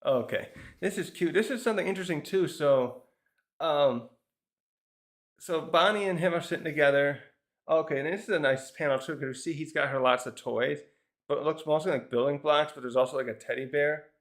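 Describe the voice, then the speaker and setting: A manga reviewer talks casually through a comic chapter, his voice on the high side and fairly quick. He rambles from scene to scene, dropping in plenty of fillers and small chuckles.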